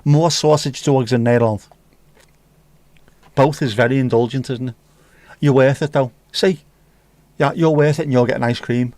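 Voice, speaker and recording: A man hosting a relaxed livestream, reading comments aloud with casual, sweary, teasing banter. His voice sits at an ordinary middle pitch. The sound is dry and close, with no room echo. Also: moderate pace, long pauses. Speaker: livestream host.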